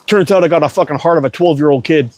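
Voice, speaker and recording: A man's voice: fairly high pitch, fast talker, a little mellow. A middle-aged man telling a long personal story in casual talk, swearing often and repeating himself as he goes. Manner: profane, rambling, repeats words. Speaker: livestream host.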